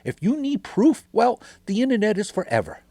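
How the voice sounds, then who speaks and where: A man's voice: sits high, huge pitch swings, normal speed, gravelly, a little mellow, no echo. A middle-aged man hosting a podcast, delivering an angry, sarcastic, swearing political rant. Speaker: podcast host.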